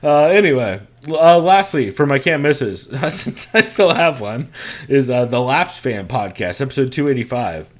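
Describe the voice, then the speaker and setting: A man's voice: mid-range voice, lively intonation, normal speed. Rambling, swearing podcast host guy. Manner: laughs often, rambling, swears freely. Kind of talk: casual podcast chat. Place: his own room at home.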